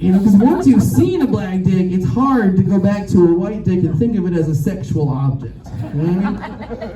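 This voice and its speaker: A woman's voice: medium pitch, mellow. A woman doing a frank, self-mocking stand-up set on a club rooftop, often laughing through her lines. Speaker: stand-up comedian. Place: rooftop of a music club at a live show. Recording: echoey, distant, with a live crowd.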